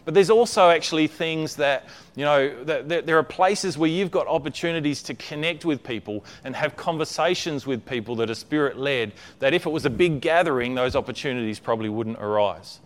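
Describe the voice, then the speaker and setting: A man's voice: on the high side, fairly quick, few pauses. A man preaching a conversational sermon, often checking in with his listeners and repeating words as he builds a point.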